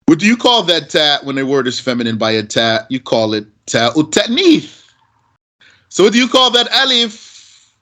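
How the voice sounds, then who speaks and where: A man's voice: a little high, big pitch swings, moderate pace, sharp tone. A man teaching Arabic grammar, asking and answering his own questions as he explains.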